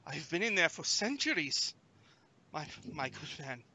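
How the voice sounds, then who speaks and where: A man's voice: fairly high pitch, big pitch swings, a little slow, bright, forceful tone, heavily acted. A man voicing a ten-foot female earth genie, disoriented and aloof after centuries in a bottle. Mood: weary.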